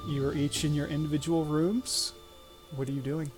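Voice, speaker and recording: A woman narrating a tabletop role-playing session as game master, laughing often in a relaxed, chatty way. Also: sits low, moderate pace, soft background music.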